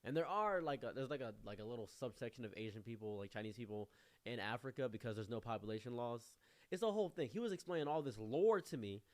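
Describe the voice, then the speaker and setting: A man's voice: medium pitch, lively intonation, quick pace. A young man telling a personal anecdote in a loose, conversational way. His voice sits in a plain middle range. He rambles and stacks up fillers as he goes. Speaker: storyteller. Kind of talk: casual storytime.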